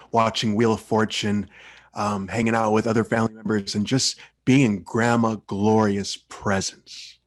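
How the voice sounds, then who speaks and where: A man's voice: fairly low pitch, dry recording. A young man giving an earnest, heartfelt personal speech as a Toastmasters speaker.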